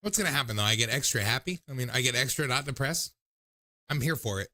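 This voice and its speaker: Male stream host, tipsy and loose, profane rambling chat, sharp bright tone. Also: medium pitch, expressive, fast talker. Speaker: livestream call-in show host. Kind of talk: casual livestream chat.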